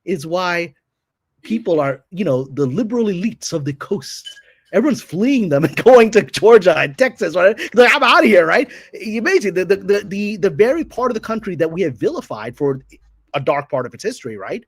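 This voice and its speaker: A man's voice: high voice, very animated, moderate pace, slightly rough, dry recording. Opinionated man holding forth. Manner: opinionated, provocative, lecturing. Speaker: guest. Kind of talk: casual podcast chat.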